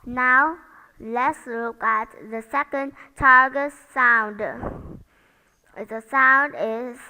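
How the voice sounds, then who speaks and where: A woman's voice: high voice, steady tone, drawn-out words, sharp tone, clear, resonant tone, long reverb tail, low-quality recording. A woman teaching English pronunciation, modeling each sound carefully and asking learners to repeat after her. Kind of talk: slow, careful pronunciation lesson.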